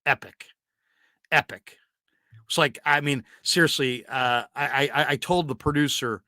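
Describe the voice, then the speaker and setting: A man hosting a sports talk show, telling animated stories in casual chat. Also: medium pitch, measured pace, no echo, studio quality. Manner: animated storyteller, does impressions. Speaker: sports radio host.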